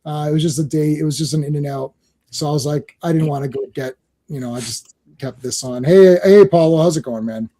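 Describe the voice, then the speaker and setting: A middle-aged Canadian man with a fairly high but dark-toned voice hosts a casual livestream chat, talking fairly quickly. He's talkative and chatty, laughs often, and slips into silly voices like a podcast host.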